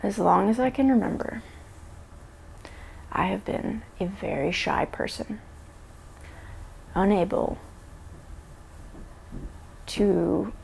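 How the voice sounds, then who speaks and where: A woman vlogging a confessional self-talk monologue to camera, halting and searching for words with many restarts. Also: medium pitch, gravelly, darkish tone, slight background noise. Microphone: camera mic.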